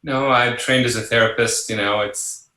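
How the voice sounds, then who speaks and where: A man's voice: mid-range voice, moderate pace, reverberant, rough recording. A psychologist being interviewed, telling personal stories in a conversational way and acting out the voices he quotes. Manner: animated, acts out quoted voices, laughs along. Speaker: psychologist guest.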